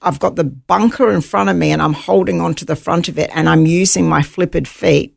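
Woman telling her survival story, gravelly voice. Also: on the low side, brisk, no echo, clean studio sound. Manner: animated, vivid retelling. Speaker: guest, author. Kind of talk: interview storytelling.

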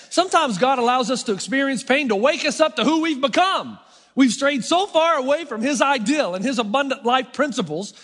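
Speaking in a notably high and somewhat bright voice, a middle-aged pastor gives a conversational sermon laced with self-mocking humor. Long, ringing church-sanctuary reverb fills the sound.

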